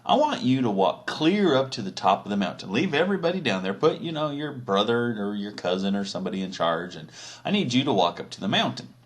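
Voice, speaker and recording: A man's voice: medium pitch, sing-song, brisk, natural voice. A man voicing God as a blunt, profane, demanding boss in a comedy retelling. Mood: bossy. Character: bossy male God laying down the rules.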